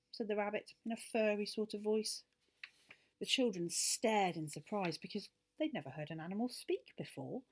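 A woman reading a children's story aloud with expressive delivery. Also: medium pitch.

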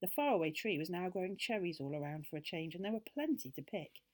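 A woman gently and expressively reading a children's book aloud as a storyteller. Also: on the low side, sing-song, fast.

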